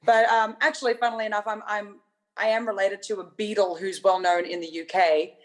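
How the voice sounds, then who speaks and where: A woman's voice: mid-range voice, flat delivery, brisk. A woman songwriter chatting casually as a podcast guest, talkative and self-mocking, laughing often.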